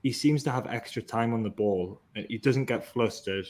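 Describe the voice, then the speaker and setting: A man hosting a football podcast, talking through the match in a measured, analytical and enthusiastic way. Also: mid-range voice, darkish tone. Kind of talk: casual football podcast chat.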